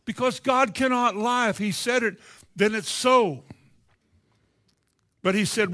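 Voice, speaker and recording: A man's voice: very high voice, slow pace, pauses often, bright, forceful tone. A man with a Kentucky accent preaching a sermon in a folksy, earnest way, acting out the voices he quotes.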